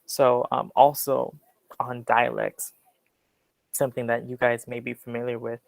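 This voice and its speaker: A man with a General American accent, teaching an English class in a relaxed, explanatory way with many fillers. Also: medium pitch, measured pace, gravelly, no echo, low-quality recording. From Western United States. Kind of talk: classroom lecture.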